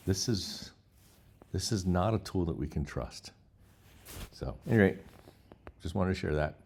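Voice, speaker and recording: A man's voice: sits low, expressive, measured pace, darkish tone, slight background noise. A man hosting a casual vlog, reading chatbot replies aloud with incredulous asides. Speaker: host.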